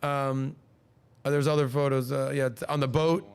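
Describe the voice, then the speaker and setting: A podcast host in his forties tells casual stories in a mid-range voice that is smooth yet creaky, at normal speed. He's animated and acts out the voices of those he quotes.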